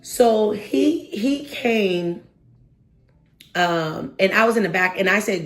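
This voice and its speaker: A woman in her thirties, telling a personal story to camera in a lively, expressive way and acting out what people said. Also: medium pitch, slow, faint music behind. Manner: animated, expressive, acts out quotes with exaggerated reactions.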